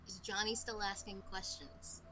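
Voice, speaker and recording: A woman's voice: mid-range voice, fairly even intonation, moderate pace, crowd noise, poor audio. A woman chatting casually at a tabletop game table, playful and giggling often.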